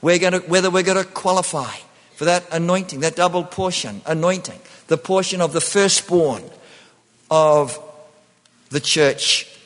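A man's voice: high-pitched, normal speed, big-room sound. A man preaching a sermon, often repeating himself and restarting phrases.

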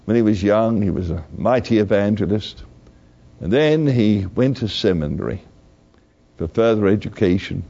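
An older man preaching a sermon slowly and earnestly, repeating his key phrases. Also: lowish voice, vocal fry, warm tone. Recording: dull lo-fi recording.

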